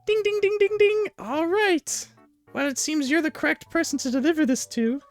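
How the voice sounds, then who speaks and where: Fussy high-voiced wagon merchant, a woman doing the voice, prim and haggling. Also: moderate pace, faint music behind, natural voice. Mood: chirpy. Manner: prim, haggling, overly polite.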